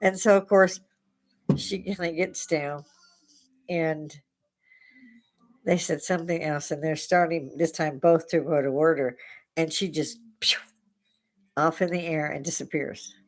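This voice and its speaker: A woman's voice: low voice, steady tone, unhurried, long pauses. A woman hosting a casual chat, telling spooky stories and laughing often as she goes. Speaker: host. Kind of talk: casual storytelling.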